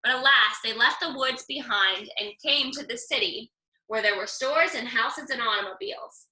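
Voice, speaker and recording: A woman reading a picture book aloud with lively, expressive storytelling. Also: a little high, moderate pace, echoey room, low-quality recording. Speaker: storybook reader.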